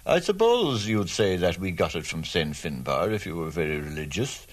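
A man's voice: low voice, big pitch swings, normal speed. A man with a Cork accent telling humorous local history in a folksy, rambling way. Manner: humorous, folksy, leisurely asides. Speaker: local raconteur. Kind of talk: storytelling interview.

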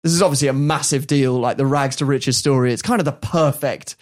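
A man, hosting a podcast and telling anecdotes in a lively, laughing way. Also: medium pitch, a little fast. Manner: animated, laughs while telling stories. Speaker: podcast host. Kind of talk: storytelling in casual chat.

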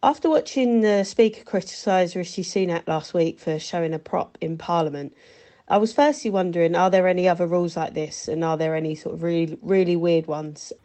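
A woman's voice: on the low side, a little fast, mellow. A woman, a listener sending in a recorded question to a podcast, asking politely and inquisitively.

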